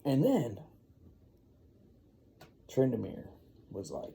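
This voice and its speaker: A man's voice: mid-range voice, very animated, measured pace, creaky, pauses often, dark tone, slight background noise. A man telling an improvised bedtime story at home while caring for a baby, rambling and laid-back. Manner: rambling, laid-back, full of "you know". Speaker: father.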